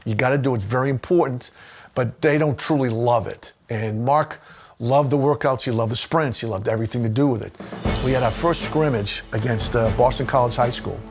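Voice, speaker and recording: Earnest coach over music. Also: male voice, mid-range voice. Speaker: high school football coach. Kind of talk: documentary interview.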